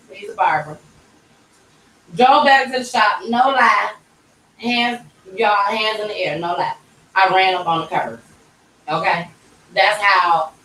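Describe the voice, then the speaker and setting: Casual storyteller, a woman, lively and animated, recorded off-mic in a roomy space with faint background noise. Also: medium pitch, distant mic. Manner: animated, acts out quoted voices. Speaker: vlogger telling her story. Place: tattoo shop.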